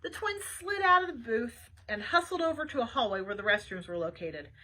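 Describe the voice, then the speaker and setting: A woman's voice: fairly high pitch, expressive, fairly quick, pushed and bright, poor audio. A woman librarian reading a children's book aloud with chatty asides to young listeners.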